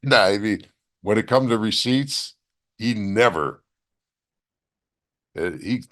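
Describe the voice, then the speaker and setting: A man, a former wrestler as interview guest, telling animated stories with blunt profanity. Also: lowish voice, slow pace. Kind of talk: casual storytelling interview.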